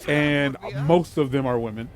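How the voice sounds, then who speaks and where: A man's voice: mid-range voice, moderate pace. A man in his thirties telling a story in casual chat while gaming, rambling along with many fillers. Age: 30s. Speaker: podcast co-host.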